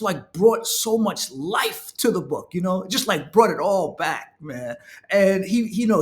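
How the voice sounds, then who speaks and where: Upbeat author guy chatting to camera, kinda high voice, lots of "right?" and "you know". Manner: enthusiastic, animated emphasis. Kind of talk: casual talk to camera.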